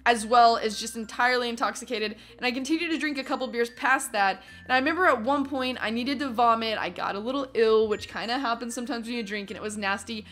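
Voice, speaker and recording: A young adult woman telling a story from her teens in a casual vlog, animated and acting out what other people said. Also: on the high side, quick pace, few pauses. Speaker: vlogger.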